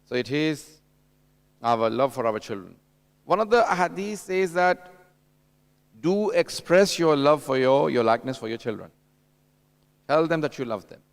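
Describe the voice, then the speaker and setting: With a fairly high, creaky, expressive voice, a man preaches unhurriedly and leaves long pauses. He is a religious lecturer at a mourning gathering, speaking conversationally to the audience while telling anecdotes and acting out dialogue.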